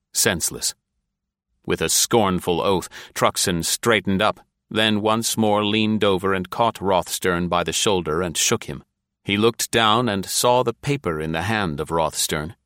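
Male narrator, deep voice, measured storytelling, dry studio sound. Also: pushed and bright, no echo. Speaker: audiobook narrator. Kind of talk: scripted narration.

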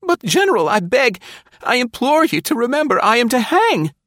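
A man reading the part of a captured male spy who reasons calmly about death and then begs desperately for his life. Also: fairly low pitch, no room sound, clean studio sound. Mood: desperate pleading. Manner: measured and reasoning, breaking into frantic pleading. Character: calm captured male spy facing execution, coolly philosophical. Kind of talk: audiobook character reading.

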